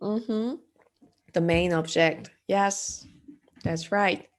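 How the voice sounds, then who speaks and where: A woman's voice: fairly low pitch, very slow. A woman teaching an art class, explaining design terms step by step with frequent ums and uhs and questions to the class. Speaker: art instructor. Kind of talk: lecture.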